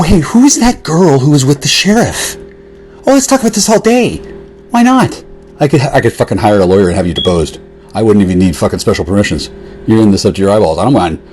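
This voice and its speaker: Low-voiced man on a profane, sarcastic rant. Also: a little mellow, a little hiss or hum. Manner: lurching between jeering highs and muttered asides. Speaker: vlogger. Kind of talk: one-sided rant addressed to an absent woman.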